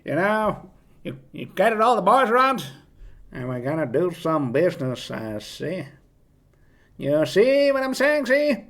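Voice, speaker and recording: A man voicing a cocky old-time gangster who talks fast and ends his lines with "see?". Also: sits high, very animated, fairly bright tone, exaggerated voice.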